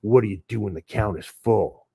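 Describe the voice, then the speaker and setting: A man's voice: very high-pitched, huge pitch swings, normal speed, a bit bright, pitched above the performer's own voice, exaggerated voice. A man playing an intense older baseball legend drilling a young player on the strike zone. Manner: intense, emphatic. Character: old baseball legend, intense, gruff coaching.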